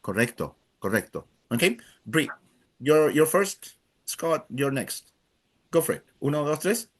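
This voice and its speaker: A man's voice: a little high, sing-song, a little slow. A man teaching a live Spanish class, drilling students by counting in and praising each answer.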